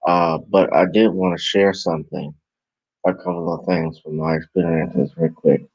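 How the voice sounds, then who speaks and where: A tired, yawning man with a New Orleans accent talks casually on his live stream, where he works as a vlogger and podcast host. His low voice is slightly rough and moves at normal speed, and the recording is muffled with no room sound. He rambles in a relaxed way and keeps correcting himself.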